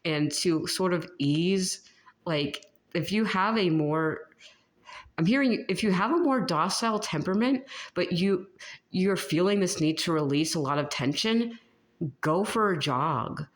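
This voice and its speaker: A tarot reader with a lowish voice talks through a reading for her viewers at a measured pace. She keeps it casual, rambling with lots of fillers, restarting sentences and laughing often.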